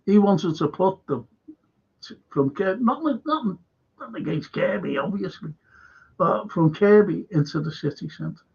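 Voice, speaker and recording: A man's voice: sits high, expressive, unhurried, gravelly, darkish tone, breathy edge, highs cut off. A man with a Liverpool accent hosting a live stream, telling a rambling story that is full of swearing and heated outbursts. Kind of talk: casual rant to a live stream.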